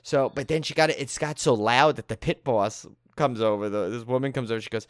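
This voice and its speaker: Talking a little fast and barely pausing, a medium-pitched man co-hosting a podcast tells a story in casual chat, animatedly acting out the people involved. It's a dry recording with clean studio quality.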